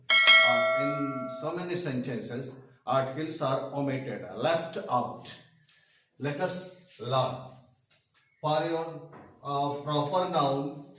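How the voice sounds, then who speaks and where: Slow older Indian teacher in echoey room. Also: male voice, medium pitch, sharp tone. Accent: Indian English. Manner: slow, repetitive explaining with frequent hesitations. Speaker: English teacher. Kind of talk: classroom grammar lesson. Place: classroom with whiteboard. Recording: echoey room, far from the mic.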